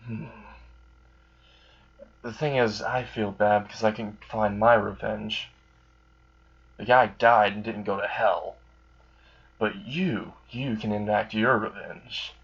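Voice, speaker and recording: A man's voice: on the low side, takes it slowly, vocal fry, long pauses, a bit bright, slightly rough, full character voice. A man voicing an amused, menacing male demon in a suit, sly and politely taunting. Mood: brooding. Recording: dull lo-fi recording.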